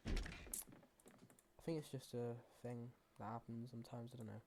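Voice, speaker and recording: A man's voice: mid-range voice, moderate pace, a little hiss or hum. A man hosting a gaming channel, talking to himself as he plays in loose, rambling commentary full of fillers and restarts. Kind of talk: casual gameplay commentary.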